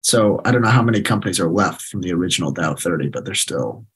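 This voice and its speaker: A man co-hosting a casual podcast, talking hesitantly and trailing off softly. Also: low voice, animated, fast talker, husky, poor audio. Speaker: podcast co-host. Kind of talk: casual investing discussion.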